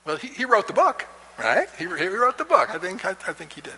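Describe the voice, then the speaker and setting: A man's voice: high voice, very animated, brisk, sharp tone, slightly rough. A man teaching a Bible class in a chatty, storytelling way, chuckling and restarting often, in an echoey hall. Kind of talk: casual lecture with storytelling.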